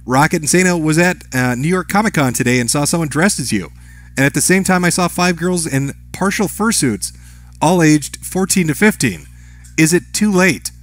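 Speaking at normal speed with lively intonation, a fairly high-voiced man reads viewer names and messages from his stream chat. He tosses off a quick, offhand response to each.

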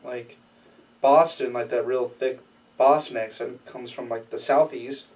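A man's voice: mid-range voice, fairly even intonation, a little slow, darkish tone, recorded from a distance, low-quality recording. Man with dry teasing quips. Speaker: podcast co-host. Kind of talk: casual chat.

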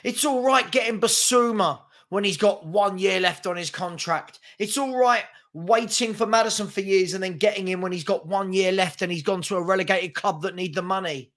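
Barely pausing, a man speaks at a moderate pace in a high, slightly bright voice, ranting angrily to camera for his football fan channel. His exasperation comes out in repeated rhetorical questions.

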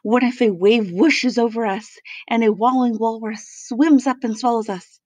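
A woman's voice: a little high, steady tone, darkish tone, no echo, natural voice. A woman voicing a worried female wombat who piles up anxious run-on fears in a storybook reading. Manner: anxious, rapid run-on worrying.

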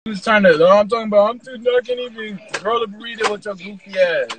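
A man's voice: sits high, steady tone, fast, distant mic, crowd noise. A man on a livestream pressing someone over whether they want to fight. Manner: pressing, argumentative. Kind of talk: casual livestream chat.

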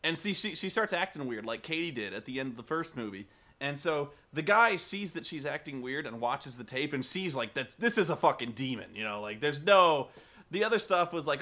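A man vlogging a casual, profane rant about a film, rambling and animated with lots of swearing. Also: a little high, moderate pace.

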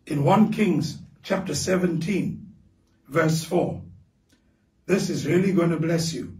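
A man with a South African accent preaching a fervent sermon as pastor, building to shouted declarations in a large church hall. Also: fairly high pitch, slow, recorded from a distance. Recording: echoey hall, voice picked up from afar.

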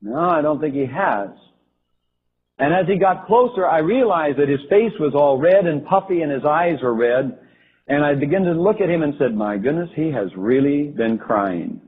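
A slightly high-pitched, husky male voice recounts a vision in the first person, pausing and restarting as he searches for words. The recording is thin and phone-like, with the lows and highs cut away. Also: animated. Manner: halting, with frequent restarts and fillers. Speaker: storyteller recounting a religious vision.

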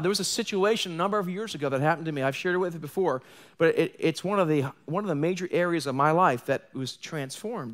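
A man preaching a live sermon as pastor in a church, telling stories with joking asides and acting out quotes. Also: high voice. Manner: animated storytelling with joking asides and acted quotes. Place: church sanctuary.

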